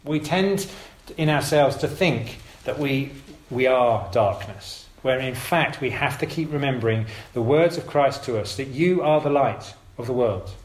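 A man's voice: mid-range voice, expressive, unhurried, few pauses. A man giving an informal sermon to his congregation, talking in a conversational, emphatic way and often correcting himself. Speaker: preacher. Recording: roomy echo.

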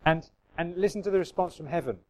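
A man's voice: on the high side, quick pace, poor audio. A man preaching a sermon in a conversational way, reading scripture aloud and musing with restarts and asides to the congregation.

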